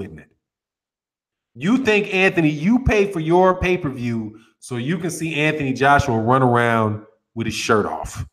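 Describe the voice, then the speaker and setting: A man's voice: medium pitch, a bit bright. A man hosting a boxing talk channel, chatting casually in loose slang and laughing often. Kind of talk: casual chat.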